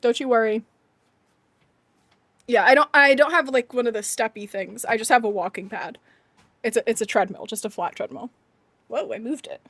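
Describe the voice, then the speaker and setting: A young woman with a high, bright voice chats casually with her livestream viewers at a moderate pace, leaving long pauses. The sound is dry and close with no room ambience, and she talks animatedly, laughs a lot, and rants emphatically.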